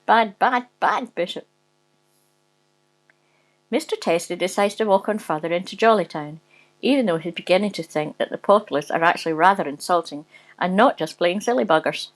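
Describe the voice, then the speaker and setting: A woman's voice: on the low side, fast talker, poor audio. A woman reading a rude comic story aloud, often giggling as she goes. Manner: giggly, breaking into laughter while reading.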